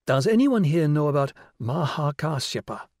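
A patient young teacher , as read by a man, talks a class through an idea, with brisk explanations and a light, raised voice. Each point lands with a questioning lift. The voice is dry and close. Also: fairly high pitch, very animated, darkish tone, no room sound. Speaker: schoolteacher. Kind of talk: audiobook character reading.

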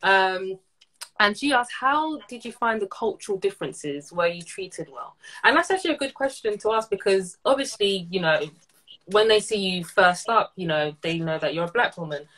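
A woman's voice: mid-range voice, lively intonation, moderate pace, a bit bright, poor audio. A woman hosting a live interview, reading out viewer questions and giving short encouraging replies.

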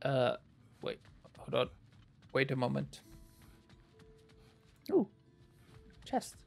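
A man talks through his gameplay in an unhurried, gravelly voice pitched a bit high. He is sarcastic and chatty, teasing the characters on screen. Quiet game music sits under him. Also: very animated. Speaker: let's play gamer. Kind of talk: casual gameplay commentary.

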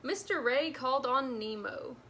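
A woman librarian reading a storybook aloud to children in an animated way, speaking to them directly. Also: sits high, unhurried, a little hiss or hum.

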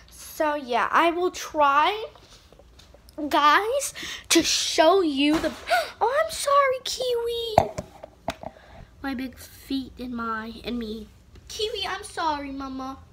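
A woman's voice: high-pitched, animated, slow, long pauses, pushed and bright, a little hiss or hum. A female vlogger chatting casually to the camera, rambling with lots of fillers and restarts.

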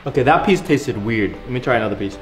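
A young man chatting excitedly through a casual food taste-test vlog, full of tasting noises and quick reactions. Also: medium pitch, crowd noise. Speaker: vlogger. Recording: echoey room with background music.

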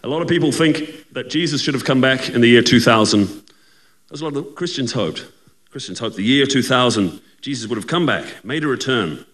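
A man's voice: mid-range voice, lively intonation, moderate pace, fairly bright tone, slight background noise. Teasing man doing stand-up comedy. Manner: chatty, teasing, asks the crowd for agreement.

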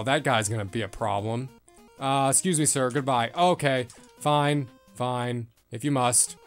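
A man commenting on a retro game as he plays, swearing and reacting loudly. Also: a little high. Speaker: gameplay streamer. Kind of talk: excitable let's-play commentary.

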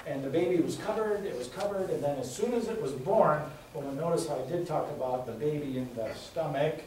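With a fairly high, slightly mellow voice and a somewhat fast pace, a middle-aged man running for Congress tells folksy stories and repeats himself for emphasis during a campaign speech. A little hiss or hum runs under the echoey, far-off recording of the indoor meeting room.

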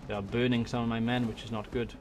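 A man from Wales with a Welsh accent, giving excitable let's-play commentary on a strategy game into a desk microphone, swearing and muttering to himself as he plays. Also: medium pitch, fast talker, a little hiss or hum. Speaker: gaming YouTuber. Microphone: desk USB microphone.

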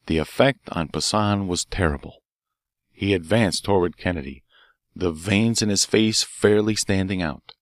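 A man narrating a detective story audiobook in a steady, measured way. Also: low-pitched, no room sound, clean studio sound. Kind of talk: scripted narration.

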